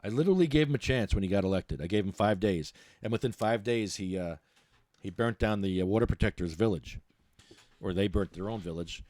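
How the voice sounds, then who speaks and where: A man's voice: fairly low pitch, a little fast, a little mellow, no echo. A man hosting a casual podcast, ranting bluntly and rambling with many restarts. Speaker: podcast host. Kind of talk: casual ranting talk show monologue.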